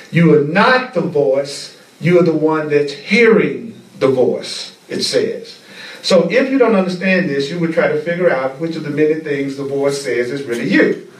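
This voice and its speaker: A man teaching a spiritual class, speaking slowly and deliberately and repeating key phrases for emphasis. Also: fairly high pitch. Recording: echoey room, mic at a distance.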